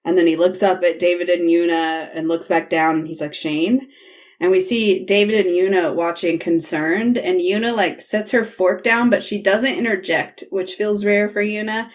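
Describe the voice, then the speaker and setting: A woman's voice: fairly low pitch, fairly even intonation, normal speed, few pauses. A woman hosting a podcast, recapping a TV episode in casual chat and acting out the characters' lines as she retells scenes. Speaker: podcast host.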